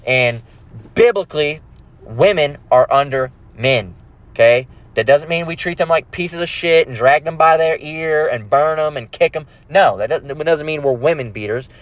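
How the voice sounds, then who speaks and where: A man's voice: a little high, normal speed, dry recording. Brash, profane man ranting; dry close sound. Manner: aggressive, profane, repeats "all right?". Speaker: religious channel host. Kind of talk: ranting monologue.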